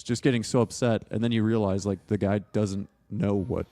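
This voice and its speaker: Young male film student guest, lower register, loose and rambly, quick to laugh. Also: fairly even intonation, mellow. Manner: rambling, heavy use of "like", laughs often. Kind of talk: casual interview chat.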